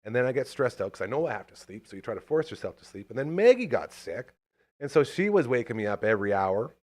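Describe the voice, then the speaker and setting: A man hosting a podcast in casual chat, talking in an animated, fired-up, rambling way. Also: mid-range voice, quick pace. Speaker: podcast host.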